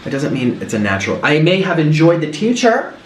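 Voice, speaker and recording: A young man talks through a cooking vlog, his slightly high voice swinging lively up and down. He tells family stories with gasps and mimicked voices. The sound is roomy and a little distant from the mic. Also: brisk, slight background noise. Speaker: food vlogger.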